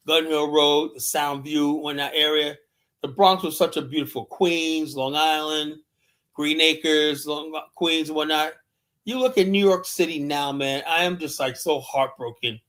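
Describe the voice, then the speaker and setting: A man's voice: fairly high pitch, fairly bright tone. A middle-aged man from Liberia co-hosting a talk show, ranting in a profane, rambling way with lots of fillers. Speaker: show co-host. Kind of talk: heated opinion talk.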